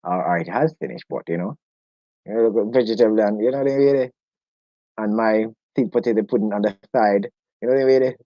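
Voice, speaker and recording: A man's voice: on the low side, a little fast, no room sound. A British man hosts a live online chat, talking loosely and joking with his listeners. He laughs easily between remarks. The sound is dull and dry, with little room around it. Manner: jokey, chatty, laughs often. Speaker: host of a live online discussion. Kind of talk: casual livestream chat.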